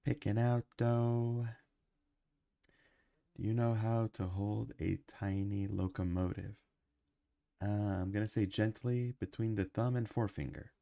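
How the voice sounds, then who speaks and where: A man's voice: fairly low pitch, steady tone, normal speed, vocal fry, dark tone, dry recording. A man who is sick with a cough, chatting casually while he livestreams his animation work and rambling with lots of ums and uhs.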